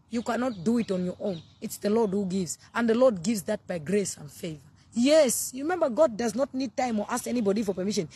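Husky-voiced woman preaching exuberantly. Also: medium pitch. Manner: exuberant, loud bursts, laughing, greets viewers by name. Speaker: live-stream preacher. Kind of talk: casual sermon on a live stream.

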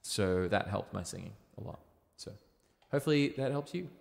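An Australian man, a young adult singing teacher, giving relaxed, chatty tips on a live stream with lots of fillers. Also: on the low side, normal speed, gravelly. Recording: long reverb.

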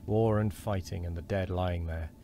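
A man's voice: sits low, fairly even intonation, moderate pace, mellow, a little hiss or hum. Man doing a wheezy, quavering old man. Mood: fearful. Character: frail wheezing old man, fearful and gossipy.

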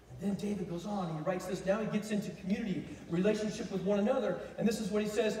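A man preaches with a high voice, building into lively, repeated phrases and prompting answers from the congregation. He is recorded from far away in a big echoing church hall. A long reverb trails each line. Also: quick pace, few pauses. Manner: animated preaching, chanting phrases with call and response. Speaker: pastor. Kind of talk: sermon. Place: church sanctuary.

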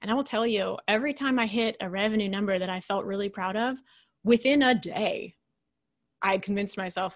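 A woman leadership coach giving a casual, animated lecture. She acts out quoted voices and keeps adding "right?". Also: mid-range voice, fairly quick. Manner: often adds "right?".

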